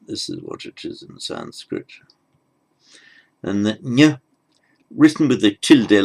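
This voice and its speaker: A man with a low voice gives a pronunciation lesson at an unhurried, deliberate pace. He patiently sounds out each consonant and repeats it so the learner can follow. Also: poor audio. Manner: patient, demonstrates sounds slowly and repeats them. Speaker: teacher.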